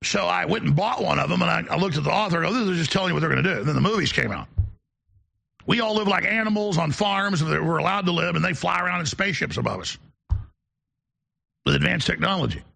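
Male talk host, high gravelly voice, sarcastic ranting delivery, shouts bursts. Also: expressive, fast. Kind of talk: ranting call-in show monologue.

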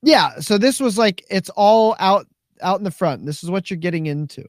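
A man's voice: high voice, moderate pace, no room sound, studio quality. A man co-hosting a podcast, chatting animatedly and acting out quotes. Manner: animated, quotes others in funny voices. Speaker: podcast co-host. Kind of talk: casual chat.

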